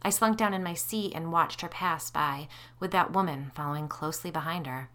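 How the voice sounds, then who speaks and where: A woman podcast host narrating a first-person ghost story in a steady, measured reading. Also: low-pitched.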